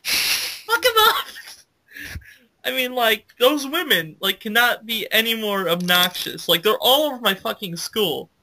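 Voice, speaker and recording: Bright high-voiced young man ranting crudely. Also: normal speed, hardly any pauses, low-quality recording. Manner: crude, swearing, joking rants. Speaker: podcast co-host. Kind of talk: casual chat.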